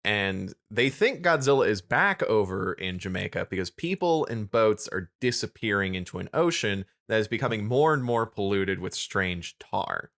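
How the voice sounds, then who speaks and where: A man co-hosting a podcast, chatting casually and recapping episodes in a relaxed storytelling way. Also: fairly low pitch. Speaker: podcast co-host.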